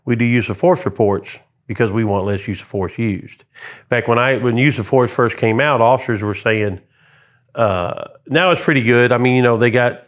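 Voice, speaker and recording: A middle-aged man who once worked as a police sergeant tells long stories from the job in a relaxed interview. He is lively and talkative, often slipping into the voices of officers and dispatchers on the radio. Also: medium pitch, normal speed. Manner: animated anecdotes, acts out radio calls and quotes. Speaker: retired police sergeant, guest. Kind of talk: storytelling in casual interview.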